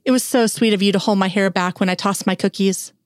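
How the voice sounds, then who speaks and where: A woman's voice: mid-range voice, fairly even intonation, fast, dry recording, studio quality, lightly acted. A woman reading an audiobook, voicing a bubbly, ditzy young college woman with gushing valley-girl chatter. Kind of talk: audiobook character voice.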